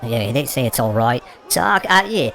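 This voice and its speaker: A man's voice: medium pitch, sing-song, normal speed, vocal fry, a bit bright, some chatter behind. A man playing an indignant English male protester in a comedy sketch, belligerent and stammering. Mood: grudging.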